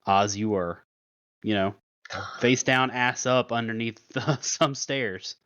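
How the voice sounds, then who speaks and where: A man's voice: medium pitch, slow pace, fairly bright tone, smooth, dry recording. Guy running a tabletop game, laughs a lot, dry dull lo-fi sound. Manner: laughs often, playful narration. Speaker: dungeon master.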